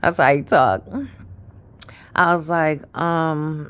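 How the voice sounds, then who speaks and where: A woman's voice: sits low, steady tone, slow, long pauses, a bit bright, smooth. A woman in her fifties telling stories in a casual, rambling monologue, often trailing off with fillers. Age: 50s. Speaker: vlogger.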